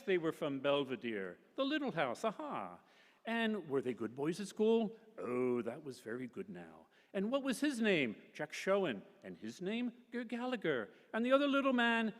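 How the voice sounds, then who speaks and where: Reading from a novel in a large hall at a public literary festival, a man with a voice on the high side gives an expressive performance, changing voices between narration and characters.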